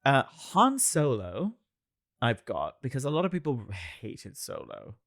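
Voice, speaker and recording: A man's voice: mid-range voice, huge pitch swings, a little slow, fairly bright tone. A young man co-hosting a casual podcast chat after a few drinks, emphatic and opinionated, swearing freely. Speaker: podcast co-host.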